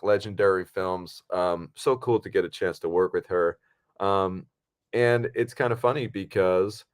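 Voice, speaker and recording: A man chatting casually as a podcast co-host, easygoing and rambling with plenty of fillers. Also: low voice. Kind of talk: casual film podcast chat.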